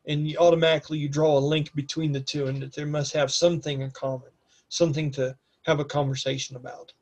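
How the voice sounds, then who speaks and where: A man's voice: on the high side, level tone, fast talker. A man narrating a tabletop game as game master in a casual way, with fillers.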